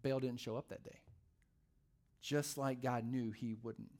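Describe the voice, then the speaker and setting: A man's voice: medium pitch, fairly even intonation, a little slow, a little mellow. A male pastor preaching a sermon in a conversational, humorous storytelling way.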